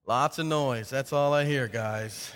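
A man's voice: medium pitch, unhurried, fairly bright tone, long reverb tail. A male pastor preaching a sermon in a loose, conversational way, repeating words as he restarts and acting out the people in his story. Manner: acts out quoted speakers in dialogue.

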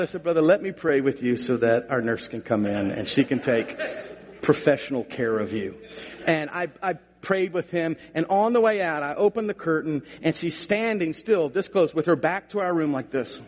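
A middle-aged male pastor preaching a sermon, telling a funny story in a folksy way before building into emphatic preaching. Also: a little high. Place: church sanctuary. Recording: long reverb of a church hall.

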